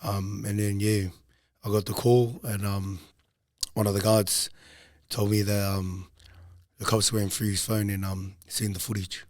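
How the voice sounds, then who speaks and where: A young man, a podcast guest, casually telling a long personal story in a low-key, rambling way with frequent ums. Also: flat delivery, unhurried, darkish tone, no echo, studio quality.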